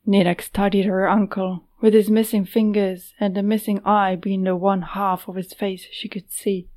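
A woman narrating a fantasy audiobook in a measured, steady way. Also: mid-range voice.

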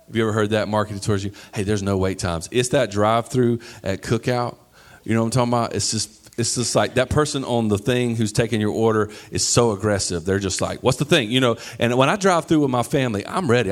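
Guy preaching, chatty and animated, does little voices for the bits. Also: medium pitch. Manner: animated, acts out quoted voices, jokes with the congregation. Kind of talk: lively conversational sermon.

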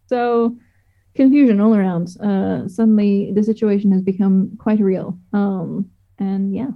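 Casual woman podcaster, animated and swearing, slightly dull sound. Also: medium pitch, a little slow, vocal fry. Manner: animated, swears and laughs often. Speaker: podcast co-host. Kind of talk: casual chat.

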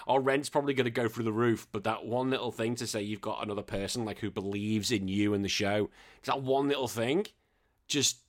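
Reading out messages from listeners, a man hosting a podcast keeps things casual, joking and swearing with frequent laughter. His voice is medium in pitch with a fairly bright tone.

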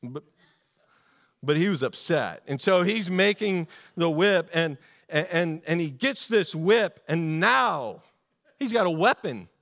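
A man preaching a sermon in a casual, animated storytelling way, with many fillers and restarts. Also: fairly high pitch, slow pace. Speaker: pastor.

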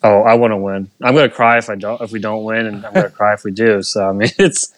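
A man co-hosting a casual sports podcast, speaking hesitantly with repeated words and pauses. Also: lowish voice, level tone, no room sound. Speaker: podcast co-host. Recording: dry podcast mic.

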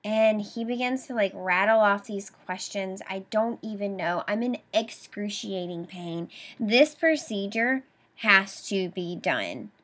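A woman's voice: medium pitch, expressive, slow, fairly bright tone. A young adult woman hosting a podcast, retelling a painful personal story with emotion and quoted dialogue. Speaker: podcast host.

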